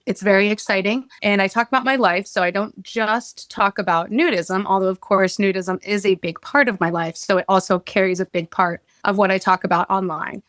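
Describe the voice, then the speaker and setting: A woman's voice: mid-range voice, a bit bright, smooth, no echo. A woman talking as a podcast guest, enthusiastic, open and talkative. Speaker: guest, social media creator. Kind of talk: casual interview chat.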